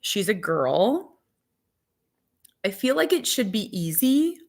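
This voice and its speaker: A woman's voice: mid-range voice, very animated, slow. A woman in her forties chatting casually to viewers as a vlogger and mother of four, rambling with lots of "like". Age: 40s. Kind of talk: casual chat to live viewers.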